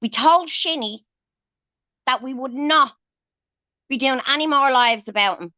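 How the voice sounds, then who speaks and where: A high-voiced woman tears into someone on her livestream, cursing constantly and hammering her points home. Her voice is bright and sharp. The sound is close and dry, with no room around it. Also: unhurried, pauses often, no room sound. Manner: angry, swears heavily, confrontational. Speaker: livestream host. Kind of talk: angry livestream rant.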